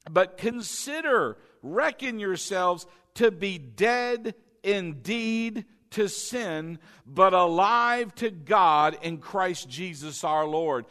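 A man's voice: sits high, expressive, slow, pushed and bright, big-room sound. A male pastor preaching a sermon, emphatic and repetitive, calling on the congregation to say lines back. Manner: emphatic, repeats questions and has the congregation repeat lines.

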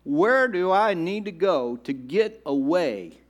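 A man's voice: high voice, lively intonation, slow pace. A man voicing Jonah as an exasperated, complaining adult man who can't believe his situation, within a sermon. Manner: incredulous, complaining.

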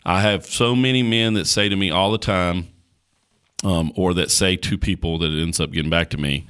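Deep-voiced, bright-toned male podcast preacher. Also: normal speed, clean tone. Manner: emphatic, repetitive, colloquial. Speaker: podcast host. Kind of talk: preaching Bible talk on a podcast.

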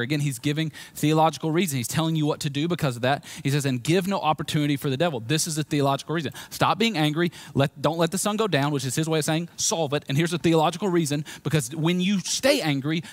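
A pastor with a Southern US accent preaches a sermon in a dry recording. He swings between loud emphasis and quiet, low moments.

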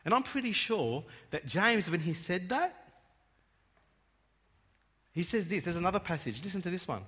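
A man preaching a sermon in church, emphatic and swelling to loud peaks, often restarting his words. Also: high-pitched, sing-song, moderate pace, breathy edge. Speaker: pastor. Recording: long hall reverb.

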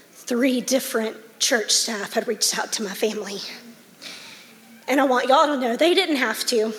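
A woman's voice: fairly high pitch, big-room sound. A woman giving a heartfelt personal testimony to a church congregation, getting emotional as she talks.

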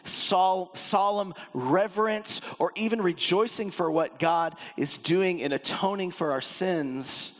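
A male pastor delivering a lively sermon, his voice sitting a bit high for a man. He swings from excited emphasis to hushed, intense low stretches. The sound carries the long reverb of a big hall. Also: slow pace, hardly any pauses. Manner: animated, emphatic, with sudden drops to a low intense voice.

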